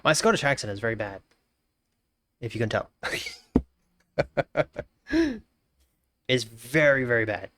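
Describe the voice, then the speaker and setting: Slow-talking Australian man streaming. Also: medium pitch, sing-song, a bit bright. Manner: muses aloud, repeats phrases, greets viewers by name. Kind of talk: casual live-stream chat.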